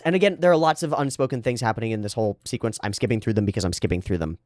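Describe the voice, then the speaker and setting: A man's voice: fairly low pitch, rapid-fire, few pauses, a little mellow, no room sound, clean studio sound. A man hosting an anime reaction video, talking casually and animatedly, often laughing and swearing as he comments.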